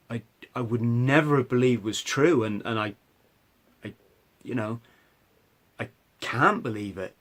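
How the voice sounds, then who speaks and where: A man's voice: medium pitch, a bit bright. Man telling a personal story. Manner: conversational, many restarts and "right?" asides. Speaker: podcast host.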